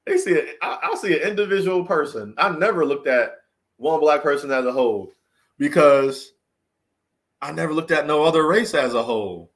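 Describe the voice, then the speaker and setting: A man's voice: a little high, moderate pace, long pauses, a bit bright. A man speaking in an unscripted, heartfelt monologue, earnest and preachy, full of restarts, repeated phrases and emphatic rhetorical questions. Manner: emphatic rhetorical questions, swinging between raised and subdued delivery. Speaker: vlogger giving a motivational talk.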